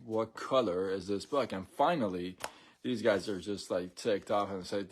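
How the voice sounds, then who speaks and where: A man hosting a casual live stream, talking in a relaxed, rambling way with many fillers and restarts. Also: lowish voice, measured pace, a little hiss or hum.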